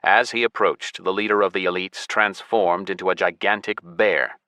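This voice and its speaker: Deep, forceful male audiobook narrator. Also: fairly even intonation, normal speed, no room sound. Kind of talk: scripted first-person fantasy narration.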